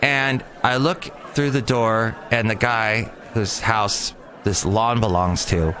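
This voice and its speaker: A man's voice: fairly low pitch, fairly even intonation, slow, sharp tone, a faint crowd. A man hosting his own podcast, rambling jokily from one tangent to the next. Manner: rambling, jokey, jumps between tangents. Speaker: podcast host. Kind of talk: casual comedic monologue.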